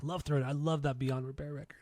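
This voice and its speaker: A man hosting a casual music podcast, talking quickly and chattily with his co-host over a remote link. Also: fairly high pitch, flat delivery, a little mellow. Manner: fast, chatty intro patter.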